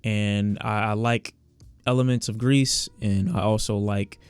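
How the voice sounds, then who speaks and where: Man, casual music review talk, sarcastic asides, smooth clear voice, dry close mic. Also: fairly low pitch, fairly even intonation, a little slow, no echo. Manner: candid, sarcastic asides to the song. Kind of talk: casual reaction commentary.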